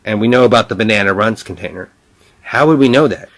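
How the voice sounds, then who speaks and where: A man voicing a mocking male tormentor who talks about him in the third person, in excited, jeering bursts. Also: lowish voice, fast talker, natural voice. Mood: gloating.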